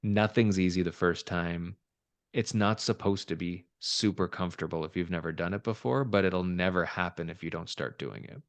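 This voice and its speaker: A man's voice: low voice, normal speed, dry recording. A man co-hosting a real estate podcast, chatting casually with a joking, self-deprecating manner. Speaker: podcast co-host, realtor. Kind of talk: casual chat.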